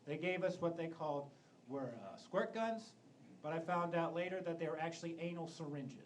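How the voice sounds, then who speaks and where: Comedian, 30s man, high voice, deadpan stand-up into a handheld mic, noisy club. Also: moderate pace. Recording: noisy live club recording.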